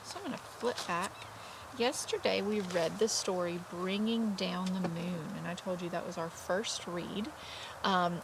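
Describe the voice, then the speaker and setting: A woman kindergarten teacher with a lowish, creaky voice reads a picture book aloud to young children, with background noise present. She chats, asks the kids questions, and voices the story's characters.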